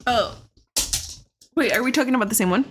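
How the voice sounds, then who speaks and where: A woman's voice: a little high, a little fast, noisy background. A woman co-hosting a podcast in casual chat, a native Spanish speaker who is blunt, laughs often and swears freely. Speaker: podcast co-host.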